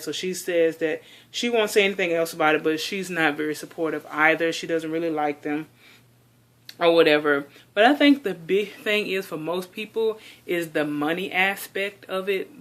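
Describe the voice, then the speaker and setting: Exasperated and chatty, a woman who collects dolls vents through a casual vlog monologue, leaning heavily on "like." She has a low-pitched, slightly bright voice.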